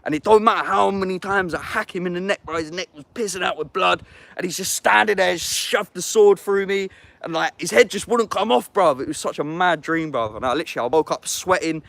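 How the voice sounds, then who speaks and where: A man's voice: high voice, a little fast, vocal fry, a bit bright, no echo. A young adult man with an English accent, chatting casually and slangily on a livestream, swearing and answering chat comments.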